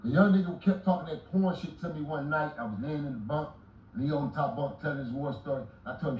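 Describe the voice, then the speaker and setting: Loud profane man in his forties. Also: a little high, fast. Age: 40s. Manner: loud, profane, animated retelling with shouted outbursts. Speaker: guest telling prison stories. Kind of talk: storytelling interview. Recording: roomy echo, distant mic, audible noise.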